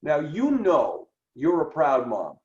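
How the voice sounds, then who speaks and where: A man co-hosting a podcast, talking through ideas in an animated way and acting out quoted dialogue. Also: on the high side, slow. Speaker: podcast co-host. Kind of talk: conversational podcast discussion. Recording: roomy, dull lo-fi sound.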